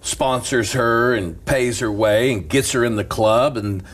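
A man who is a pastor, telling stories in an animated casual chat and laughing through them. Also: mid-range voice, a little slow.

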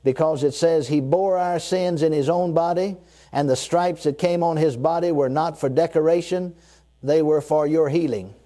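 Warm-voiced male preacher, emphatic and deliberate. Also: fairly high pitch. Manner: emphatic, repeats key phrases, slows down for scripture; leads the congregation in call-and-response declarations. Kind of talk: sermon.

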